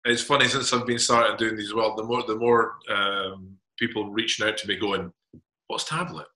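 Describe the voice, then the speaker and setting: A man's voice: lowish voice, flat delivery, moderate pace, bright, forceful tone. A man hosting an interview, asking chatty, friendly questions. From Scotland. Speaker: host. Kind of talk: casual interview chat. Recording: roomy echo.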